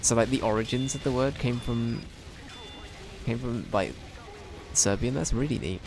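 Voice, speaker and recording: A man's voice: medium pitch, moderate pace, music in the background. A young man chatting casually on a game stream, rambling and swearing as he jokes with chat. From Britain.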